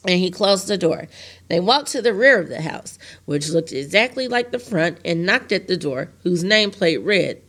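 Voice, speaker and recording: A woman reads a children's novel aloud in a steady, plain storytelling voice, a little low in pitch. She makes the odd small slip and corrects herself as she goes. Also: moderate pace. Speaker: teacher reading to a class. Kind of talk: reading a novel chapter aloud.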